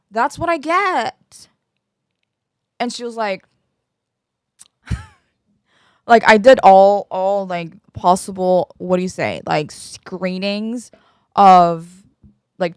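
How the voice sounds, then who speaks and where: A woman's voice: medium pitch, clear, resonant tone, dry recording, clean studio sound. A woman in her twenties hosting a podcast, talking candidly and emotionally about her own life in a rambling way with many fillers. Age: 20s. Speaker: podcast host. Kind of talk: candid personal chat.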